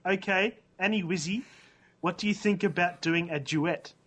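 A man reading the part of a brash, slangy male rapper in a comic read-through, flatly speaking the punctuation aloud. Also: high-pitched, moderate pace. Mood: deadpan. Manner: reads out punctuation deadpan.

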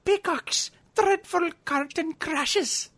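A man putting on the voice of a whimsical, eccentric woman singer in a comic read-through, with slow, oddly formal phrasing. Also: extremely high pitch, sharp tone, pitched above the performer's own voice, heavily acted.

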